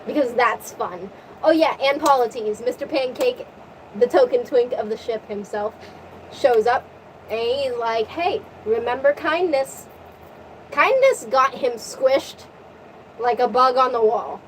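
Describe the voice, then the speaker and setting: A young woman retelling a story in casual, crude, excitable slang. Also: on the high side, measured pace. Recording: distant mic with faint vehicle noise.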